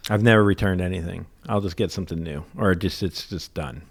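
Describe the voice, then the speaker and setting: A man's voice: deep voice, brisk, vocal fry. A young man co-hosting a comedy podcast, teasing his friend in a dry, swearing, offhand way. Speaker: podcast co-host. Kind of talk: casual chat.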